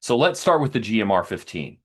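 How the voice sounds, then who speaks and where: A man with a lowish voice goes methodically through test numbers one by one. His pitch moves a lot as he explains. He talks straight to his viewers as the show's host. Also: sing-song, fairly quick, husky. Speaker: host comparing rifles.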